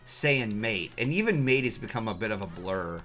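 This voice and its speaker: Man co-player, lower voice, dry offhand comments. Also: animated, moderate pace, pushed and bright, soft background music. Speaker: stream co-player. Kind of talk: casual group chat over a game stream.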